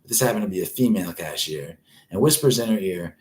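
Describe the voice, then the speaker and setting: A man's voice: deep voice, lively intonation, fast, a little mellow. A man in his forties hosting a live late-night stream, ranting in a rambling, constantly swearing way. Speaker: host.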